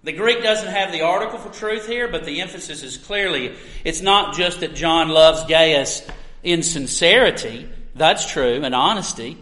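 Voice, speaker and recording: A man with a high, bright voice preaches earnestly and unhurriedly, leaning on key words. His voice rings through a roomy church sanctuary with a long echo. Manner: earnest, emphatic preaching with pauses. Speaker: pastor. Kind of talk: expository sermon.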